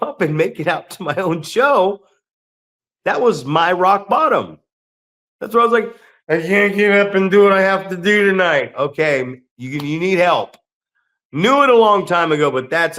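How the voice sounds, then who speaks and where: Man, middle-aged, blunt, profane, ranting, fairly high voice. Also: a bit bright. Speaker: podcast co-host and pro wrestler. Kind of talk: casual podcast chat.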